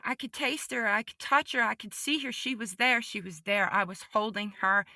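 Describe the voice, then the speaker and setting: Woman, bright forceful voice, dry close sound, emotional storytelling, repeats herself. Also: on the high side, moderate pace, no room sound. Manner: vivid, repetitive retelling, swings between hushed and excited. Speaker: guest giving a testimony.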